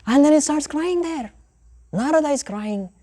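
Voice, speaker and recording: Animated Indian woman teaching scripture. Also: high-pitched, normal speed. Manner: animated storytelling, acting out the characters' voices. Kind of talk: storytelling spiritual lecture.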